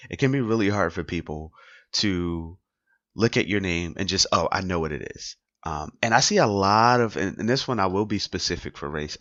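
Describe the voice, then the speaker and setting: Low-voiced man musing aloud, dull dry audio. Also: a bit bright, no echo. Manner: conversational, asks rhetorical questions and repeats points. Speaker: podcast host. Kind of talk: casual solo commentary.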